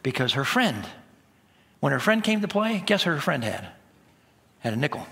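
A man's voice: a little high, very animated, moderate pace, gravelly, fairly bright tone. A middle-aged man preaching a sermon, telling stories animatedly and acting out the voices of the people in them. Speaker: pastor.

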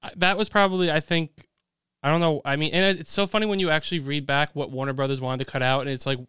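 A young man hosting a casual chat, excitable and quick with exclamations. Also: a little high, clear, resonant tone, no room sound, clean studio sound. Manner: excitable, talks fast with exclamations. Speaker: podcast host.

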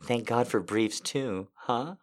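A man's voice: medium pitch, takes it slowly, pitched below the performer's own voice, natural voice. A man reading the lines of a nervous young woman in a story, in his own plain voice.

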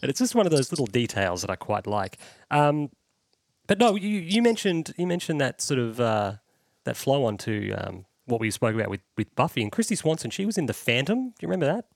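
Lively, rambling man. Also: mid-range voice, brisk, vocal fry, no echo, clean studio sound. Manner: rambling, tangent-prone movie buff, laughs often. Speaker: podcast co-host. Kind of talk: casual chat. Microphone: headset.

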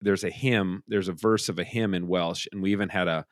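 Relaxed low-voiced male podcast host. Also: a little fast, dry recording, clean studio sound. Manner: relaxed, rambling with restarts. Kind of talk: casual chat. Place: room at home.

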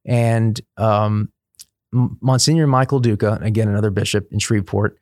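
A man's voice: lowish voice, fairly even intonation, moderate pace, a little mellow, dry recording, clean studio sound. A middle-aged man, a priest, telling stories in a casual interview, chatty, laughing often and restarting his sentences. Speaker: priest guest.

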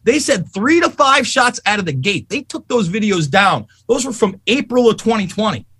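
A man ranting angrily on a podcast, swearing often as his voice swoops high and low. His tone is bright and sharp, recorded dry and close. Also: slightly rough, dry recording. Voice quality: profane, fast and animated. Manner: angry, emphatic storytelling. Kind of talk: heated political rant.

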